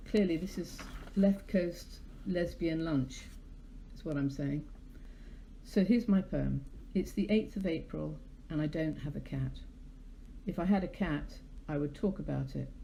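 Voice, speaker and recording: A British woman hosts a casual live poetry stream, talking to her viewers through a webcam. She rambles and pokes fun at herself, and her voice has a gravelly edge. A faint hiss sits under her talk. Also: low-pitched, measured pace, warm tone. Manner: rambling, chatty, self-deprecating.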